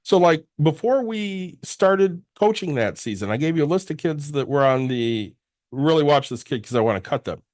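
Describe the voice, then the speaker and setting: A man's voice: on the high side, expressive, moderate pace, darkish tone, no room sound, studio quality. A man co-hosting a podcast in casual chat, blunt and emphatic. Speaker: podcast co-host.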